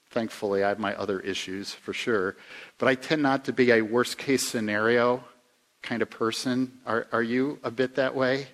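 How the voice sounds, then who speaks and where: Conversational male pastor preaching. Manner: conversational, asks the listeners questions; swings from emphatic rises to quiet low asides. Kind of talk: sermon.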